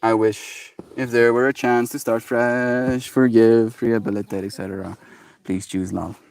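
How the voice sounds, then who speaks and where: Soft-spoken guy rambling on his daily stream, regular mid voice, thinks out loud. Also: mid-range voice, flat delivery, measured pace, vocal fry, distant mic. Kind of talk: casual live stream chat.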